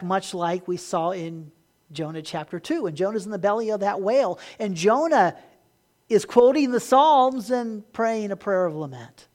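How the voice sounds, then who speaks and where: In a high-pitched voice, a pastor delivers a Sunday sermon, building to emphatic points and then dropping quiet. He often repeats words as he starts sentences over.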